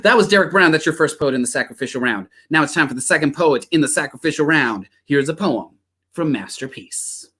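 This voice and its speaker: A man's voice: fairly high pitch, brisk, breathy edge. A man hosting a poetry slam, casual and folksy, introducing the poets. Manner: relaxed, folksy, says y'all. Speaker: slam host.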